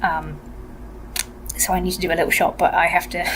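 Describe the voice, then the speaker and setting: A tired woman vlogging casually from a hotel room into a laptop webcam, rambling and soft-spoken, sometimes drifting into whispers. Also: completely flat delivery, rapid-fire. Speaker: vlogger and actor. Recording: noisy low-quality webcam audio.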